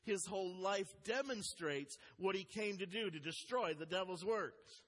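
A pastor delivers a sermon earnestly, reading scripture aloud with emphasis. His voice is high-pitched and fairly bright, and he takes his time. A long hall reverb surrounds the recording.

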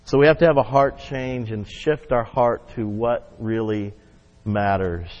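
A man preaching a sermon, leading the congregation in call-and-response and rising loud on key points. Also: fairly low pitch, measured pace. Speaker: pastor. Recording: muffled sound with long hall reverb.

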